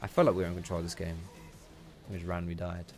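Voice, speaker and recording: A man's voice: low voice, little pitch movement, very fast, darkish tone, soft background music. A young man giving casual, chatty commentary over his own gameplay, swearing and tossing out teasing asides.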